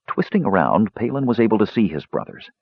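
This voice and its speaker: A man narrates an audiobook in a low, husky voice, reading expressively. His pitch rises and falls a lot. The sound is dry and dull, like a lo-fi recording. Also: sing-song, brisk, no echo.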